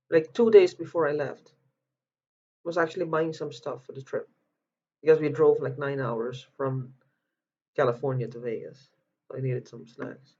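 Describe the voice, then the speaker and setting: A man speaking in an upset personal video, agitated, repeating himself and breaking off mid-word as he pleads for help. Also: on the high side. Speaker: vlogger asking for help. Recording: dull lo-fi audio.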